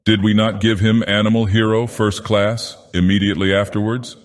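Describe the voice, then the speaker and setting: A man voicing a slow, honest male cart horse in an audiobook, earnest and plain-spoken. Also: on the low side, flat delivery, natural voice. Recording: long hall reverb.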